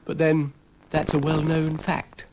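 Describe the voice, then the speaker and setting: A man's voice: on the high side, completely flat delivery, slow pace, creaky, background noise, voice pushed up. A man voicing a cheery male snail who talks in a jaunty, wry way.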